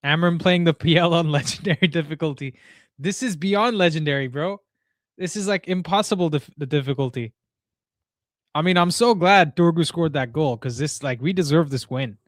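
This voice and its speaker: A young man hosting a live football watchalong, talking excitably to chat in slangy casual speech. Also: fairly high pitch, moderate pace, no room sound, clean studio sound. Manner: excitable, slangy, frequent "bro" and "dude". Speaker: watchalong host.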